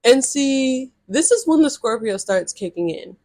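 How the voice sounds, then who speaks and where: A young woman in her twenties telling a personal story in casual storytime chat, animated and full of "like". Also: high voice, unhurried. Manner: animated, chatty, lots of filler "like". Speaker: vlogger.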